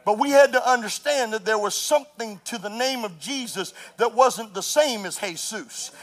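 A man preaching a sermon as pastor, rising to shouts and telling stories with laughter. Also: sits high, normal speed.

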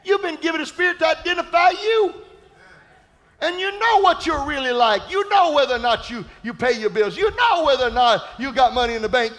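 A male pastor preaching a sermon, emphatic and repetitive, with playful asides and sudden shouted peaks. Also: very high voice.

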